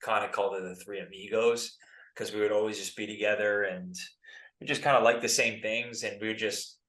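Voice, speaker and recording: An American man in his thirties, a former pro soccer player telling stories as a podcast guest in a relaxed, chatty way full of filler words. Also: on the low side, brisk, recorded from a distance. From United States. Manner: laid-back, lots of "like" and "dude". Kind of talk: casual podcast storytelling. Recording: roomy, set back from the mic.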